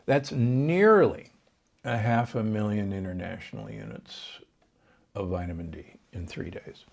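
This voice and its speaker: Older man, low gravelly voice, doctor being interviewed, authoritative, restarts sentences. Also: a little slow. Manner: authoritative, explains with numbers, frequent restarts. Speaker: doctor and guest. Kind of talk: podcast interview.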